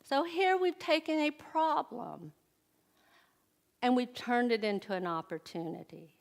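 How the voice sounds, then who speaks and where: A woman's voice: a little high, animated, unhurried, vocal fry. A middle-aged woman giving a conversational sermon at a church service, often putting questions to the audience. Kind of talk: inspirational sermon.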